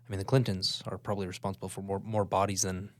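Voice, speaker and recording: A man's voice: low voice, flat delivery, fast talker, no room sound. A man co-hosting a podcast, talking in an offhand, conspiratorial, teasing way in late-night chat. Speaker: podcast co-host.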